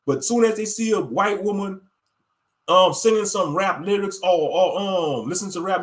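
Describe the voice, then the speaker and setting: A man's voice: high voice, normal speed, fairly bright tone. A man delivering a blunt, profane ranting monologue as an online show host. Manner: blunt, profane and emphatic, with frequent fillers.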